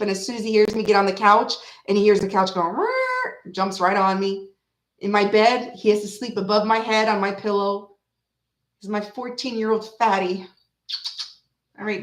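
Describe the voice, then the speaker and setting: A woman hosting a tarot reading from home, chatting casually and rambling, who breaks into snippets of old songs and talks softly to her cat. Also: mid-range voice, steady tone, normal speed. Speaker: tarot reader and channel host. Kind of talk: casual chat on a live reading.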